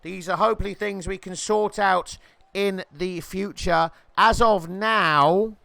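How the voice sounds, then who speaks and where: Taking his time, a high-voiced man calls a video game football match in a joking commentator's style, his crisp, smooth delivery jumping to excited yells whenever the ball nears the goal, near misses and goals included. It's recorded close and dry, without any echo.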